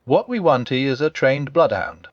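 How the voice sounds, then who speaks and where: A man's voice: medium pitch, animated, dry recording, dull audio, close to an everyday voice. A man voicing a gloomy, melancholy old donkey. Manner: slow, mournful, sighing delivery.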